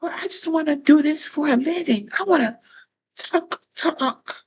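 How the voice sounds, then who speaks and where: A woman's voice: high-pitched, unhurried, poor audio. A woman giving casual talk-to-camera advice as a phone chat operator, often repeating phrases and restarting sentences.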